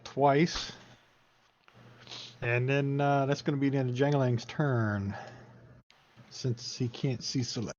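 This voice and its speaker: A man declares his turn in a tabletop game in a loud, matter-of-fact way. His voice sits mid-pitch. The lo-fi audio sounds dull. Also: steady tone, slow, pauses often. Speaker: player.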